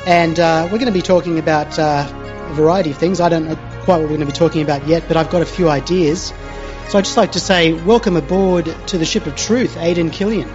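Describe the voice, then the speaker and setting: A talk radio host, interviewing a guest and reading out a list in a halting way full of fillers. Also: medium pitch. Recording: lo-fi radio audio with faint music.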